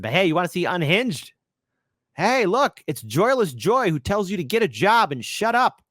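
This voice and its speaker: Sarcastic ranting man, lively pitch. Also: moderate pace, no room sound, clean studio sound. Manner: swings from shouting to hushed mock-whisper. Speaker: political commentary host. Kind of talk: livestream political commentary.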